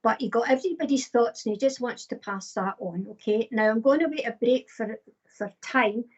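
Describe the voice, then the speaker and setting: A woman's voice: a little high, normal speed, darkish tone, breathy edge. A woman, a psychic medium giving live readings in a chatty, casual way with many fillers. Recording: dull lo-fi stream audio.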